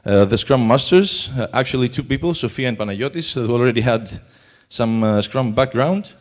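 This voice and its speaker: A man's voice: medium pitch, expressive, normal speed. A man with a Greek accent giving a talk at a conference, hesitant and full of filler sounds. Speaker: conference speaker. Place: conference hall.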